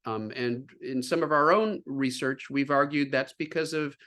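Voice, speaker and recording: A guest scientist, earnest and speaking at a middling male pitch, explains science during a video-call interview. He frequently pauses on fillers and restarts as he searches for words, talking at a moderate pace with a slightly bright tone.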